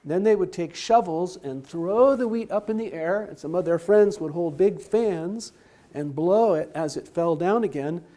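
Slow, high-voiced man telling a Bible story. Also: dark tone. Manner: simple explanatory retelling with asked questions. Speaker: Bible teacher.

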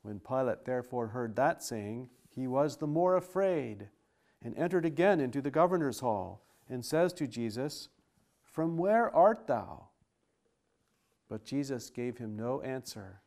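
A man reading scripture aloud in a steady, formal style with archaic wording. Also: medium pitch, moderate pace, creaky.

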